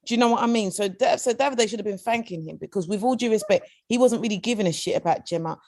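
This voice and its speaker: Chatting frankly on a casual podcast she co-hosts, a British woman repeats herself often and leans on filler phrases. Her voice is medium-pitched, quick and darkish, with a little hiss or hum.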